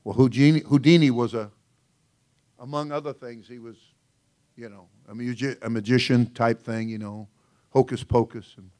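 A man's voice: mid-range voice, fairly even intonation, moderate pace, darkish tone. A male senior pastor preaching a sermon in a folksy, joking way, often laughing and calling out "oh, brother.".

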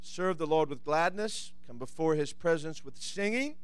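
A male pastor preaching a sermon who reads scripture quietly, then rises to shouted, fervent preaching. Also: on the high side, expressive, moderate pace, clean tone, no echo.

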